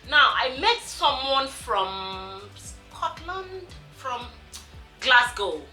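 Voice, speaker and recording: A young woman from Nigeria with a Nigerian accent, chatting casually in a vlog, animated and quick to laugh, with lots of "like" and "you know". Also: high-pitched, roomy sound, soft background music, low-quality recording. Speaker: vlogger.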